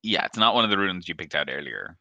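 A man's voice: sits low, very animated, quick pace, gravelly, pushed and bright, dry recording. A man running a tabletop game as game master, describing scenes in a laid-back way and laughing easily.

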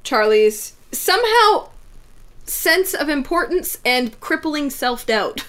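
Canadian lady cohost, high and bouncy voice, teasing, jokey. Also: sing-song, a bit bright. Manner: playful, teasing, quick to joke. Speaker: podcast co-host. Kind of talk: casual chat about a TV episode.

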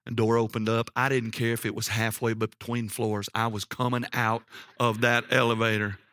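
Bright-voiced, animated male preacher. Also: moderate pace, no echo. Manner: animated, jumps up in pitch for emphasis. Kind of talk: sermon with personal storytelling.

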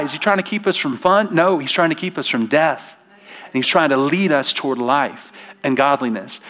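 A man's voice: fairly high pitch, fairly bright tone. A middle-aged male pastor preaching a sermon from a church stage, emphatic and full of rhetorical questions.

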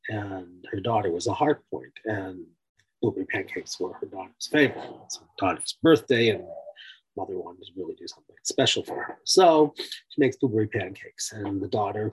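A man's voice: lowish voice, breathy edge, low-quality recording. A man teaching through a story in a loose, conversational way, with frequent fillers and asides. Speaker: teacher of a personality-type framework. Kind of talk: storytelling lecture.

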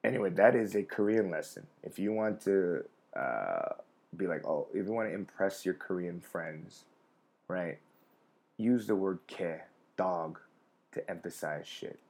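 A man's voice: low-pitched, expressive, a little slow, a little mellow, breathy edge. A young adult man, a comedian hosting a live stream, telling rambling, profane, self-mocking stories in casual chat.

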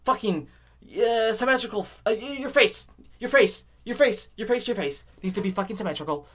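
A man hosting a podcast alone, rambling casually with constant swearing and swings between loud outbursts and low mutters. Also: brisk. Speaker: podcast host. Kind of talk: casual rambling solo monologue.

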